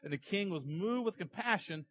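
A man preaching a sermon to his church, animated as he tells stories and acts out characters. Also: high-pitched, moderate pace, low-quality recording. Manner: animated storytelling, acting out characters in the parable. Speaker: pastor.

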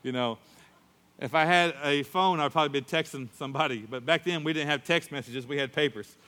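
A middle-aged man preaches and tells a story with animated delivery, putting on the voices of the people in it. His voice is bright and forceful and sits a little high. A long reverb from a large hall trails behind his words. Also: fairly quick. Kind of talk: sermon with personal story.

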